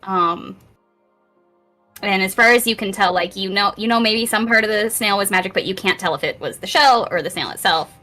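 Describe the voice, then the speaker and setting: A woman running a tabletop game as game master, telling the scene with frequent laughs and a lively storyteller's manner. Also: mid-range voice, fairly quick, faint music behind.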